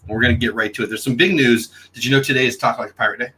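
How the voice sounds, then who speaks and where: A man's voice: medium pitch, fairly even intonation, rapid-fire, bright, forceful tone, slightly rough, low-quality recording. A man hosting a casual morning livestream, talking nonstop and greeting viewers in the chat by name. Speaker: host of a daily news livestream.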